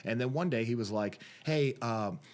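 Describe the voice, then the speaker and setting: Animated man telling coaching stories. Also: mid-range voice, normal speed. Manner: animated storyteller, acts out quotes, repeats phrases. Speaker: podcast guest, jiu-jitsu coach and referee. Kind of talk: casual storytelling interview.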